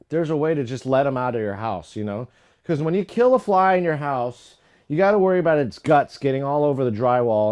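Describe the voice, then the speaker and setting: A man's voice: on the high side, a little mellow. A man streaming from his home studio, chatting casually and rambling as he jokes at his own expense. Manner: rambling, self-mocking, repeats tongue twisters. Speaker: streamer making music. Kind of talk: casual livestream chat.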